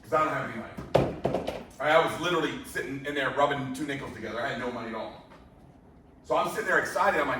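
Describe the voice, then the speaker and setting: A man's voice: medium pitch, very fast, a little hiss or hum. A man giving a motivational sales presentation, asking the crowd rhetorical questions and telling stories with energy. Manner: rhetorical questions, animated storytelling. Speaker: business presenter. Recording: echoey room from far off.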